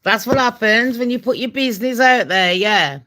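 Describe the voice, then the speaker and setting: A woman's voice: on the high side, moderate pace, pushed and bright. A woman from England with a Birmingham accent, hosting a casual live-stream chat, blunt, gossipy and foul-mouthed, slipping into mock accents. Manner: slips into mock voices and accents. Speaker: channel host.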